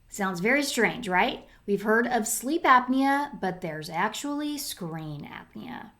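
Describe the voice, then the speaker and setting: A middle-aged woman hosting a solo podcast, talking in a chatty way with lots of fillers and restarts. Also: medium pitch. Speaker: podcast host.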